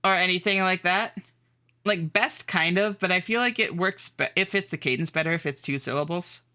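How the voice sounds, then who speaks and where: Woman streamer reading chat out loud, kinda low voice but really bright, laughs a lot, sing-songy hellos. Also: normal speed. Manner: reads viewer chat aloud, greets people in a high sing-song voice, laughs often. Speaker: live streamer. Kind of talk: casual chat with viewers while gaming.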